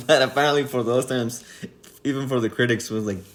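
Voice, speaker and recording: A man's voice: mid-range voice, fairly even intonation, unhurried. A man co-hosting a casual film-review podcast, amused, laughing mid-sentence and restarting his thoughts. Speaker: podcast co-host.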